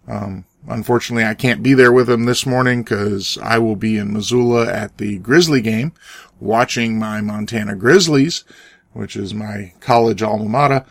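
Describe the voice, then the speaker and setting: A man hosting a Christian talk podcast, his voice hoarse and raspy from cheering, talking in a folksy, earnest way with frequent restarts. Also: lowish voice, fairly bright tone, dry recording, studio quality. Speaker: podcast host and preacher. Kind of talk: casual chat.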